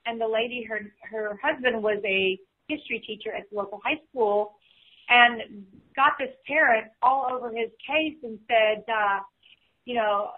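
A woman's voice: a little high, a little slow. A woman in her fifties, a podcast guest speaking in casual chat, full of "you know" fillers. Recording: tinny phone line.

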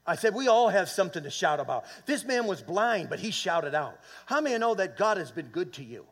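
A man preaching a church sermon, rising into loud fervent swells and calling for amens, often repeating and restarting words. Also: sits high, very animated, brisk. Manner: fervent preaching with swells of volume and call-and-response. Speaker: pastor. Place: church sanctuary.

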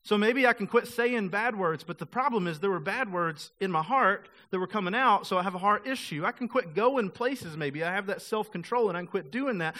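A man's voice: high voice, bright, forceful tone. A male pastor preaching a sermon in a casual, conversational way, acting out quoted voices of the people he talks about.

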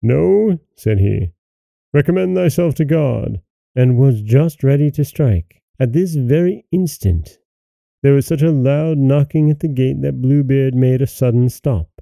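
Guy reading an old fairy tale out loud, gravelly and dark, super dry sound. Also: medium pitch, measured pace, no room sound. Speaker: host and storyteller. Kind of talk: scripted fairy-tale narration.

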